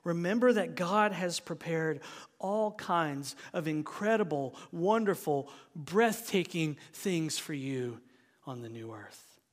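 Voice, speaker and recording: A man preaching a sermon as pastor, earnest, his voice swelling loud and then dropping low. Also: expressive, slow. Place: church sanctuary. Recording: long church reverb.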